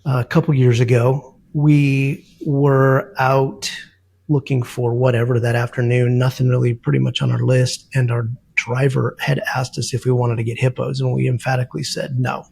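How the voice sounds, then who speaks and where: A man with a rough, gravelly edge to his voice and a slightly husky tone talks casually as a podcast guest. He is a safari guide telling rambling field anecdotes, loose and unhurried, filled with little fillers and restarts. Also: mid-range voice, flat delivery, a little mellow. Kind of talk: casual storytelling.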